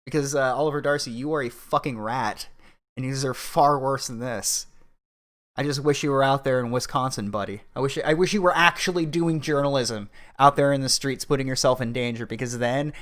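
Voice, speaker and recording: A man's voice: medium pitch, a little fast, a bit bright. A man hosting a livestream, ranting angrily and crudely at the news with rhetorical questions. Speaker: livestream host. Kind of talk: profane political commentary stream.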